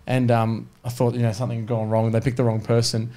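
A man's voice: mid-range voice, monotone, fast talker, mellow. A man, telling a game show anecdote on a podcast in a chatty, cheerful way. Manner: chatty, laughing storyteller. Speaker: podcast co-host. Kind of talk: casual anecdote.

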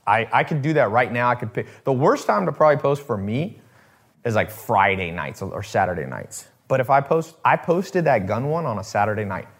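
A man's voice: medium pitch, very animated, fairly quick. A man hosting a casual talk to his viewers, rambling with restarts and swearing, acting out the people he quotes. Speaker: host.

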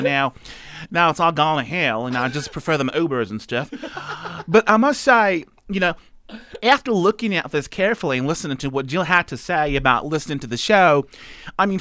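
A man's voice: fairly high pitch, pushed and bright, no room sound. A man doing a folksy TV advice doctor. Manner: rambling, folksy, playfully preachy. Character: male TV advice doctor, folksy and self-assured. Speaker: radio co-host. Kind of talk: comedic impression on breakfast radio.

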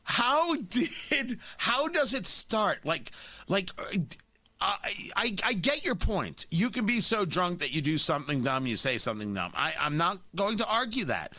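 Bright, lively talk radio host. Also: male voice, high voice, measured pace, dry recording. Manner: animated, opinionated.

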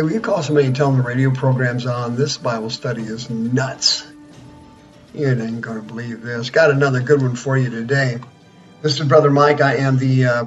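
A man in his sixties giving a folksy, rambling radio Bible study as preacher and counselor. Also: mid-range voice. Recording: dull lo-fi radio sound.

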